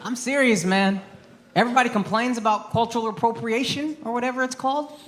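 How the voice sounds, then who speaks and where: A man's voice: very high voice, brisk, fairly bright tone, soft background music. An American man in his thirties from Texas doing brash, profane stand-up comedy with crowd work, recorded live on stage.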